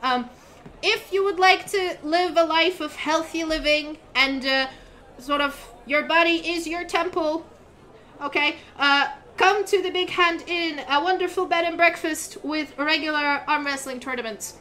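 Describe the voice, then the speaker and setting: A woman's voice: high-pitched, a little slow, bright, forceful tone, pitched above the performer's own voice. A woman voicing a fourteen-year-old half-elf boy who works as a town crier, announcing in a pompous way with sighing asides.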